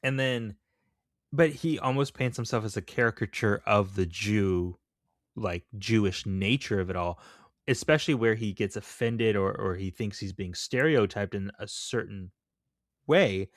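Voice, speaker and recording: A man's voice: on the low side, measured pace, no room sound, studio quality. A man co-hosting a podcast, chatting casually and with opinions about a film, full of fillers. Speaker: podcast co-host.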